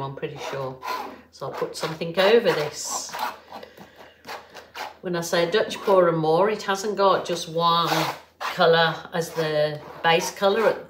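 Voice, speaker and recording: A middle-aged woman with an English Birmingham accent hosts a relaxed painting tutorial, chatty and rambling with plenty of fillers. Her voice sits a little low and she takes her time over every thought. The room around her rings with echo, and a faint hiss sits underneath. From England. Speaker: art tutorial host.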